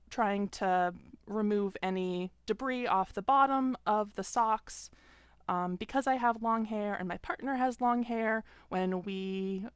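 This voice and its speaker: A young adult woman calmly explaining, step by step, how she washes hand knits at home, with an occasional "um". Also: medium pitch, clean tone, no echo, clean studio sound. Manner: calm, step-by-step explaining with frequent "um". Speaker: fiber arts vlogger. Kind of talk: casual tutorial narration.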